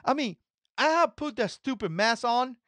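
A man's voice: very high voice, expressive, normal speed, a bit bright, dry recording. A man whose first language is not English, hosting an opinion commentary vlog in an emphatic, mocking way that repeats its points. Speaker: channel host.

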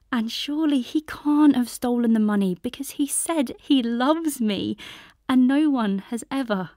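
A woman narrating a first-person audiobook in a soft, intimate voice that often drops to a whisper. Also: on the high side, measured pace, no room sound, studio quality.

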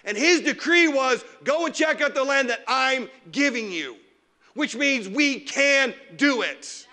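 A man preaching a lively sermon as pastor in a church, teasing the congregation and mocking whiny complainers. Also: very high-pitched, unhurried. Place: church sanctuary.

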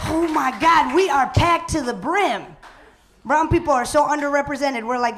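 A woman hosting a live stand-up comedy show, loud and playful, working the crowd. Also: high voice, moderate pace.

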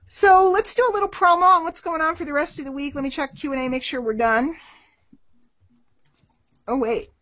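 A middle-aged woman with a fairly high voice answers marketing questions on a live webinar. She talks in a lively, animated way and acts out short exchanges between people. The sound is dry and a bit dull, like a web call. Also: brisk, pauses often, no echo.

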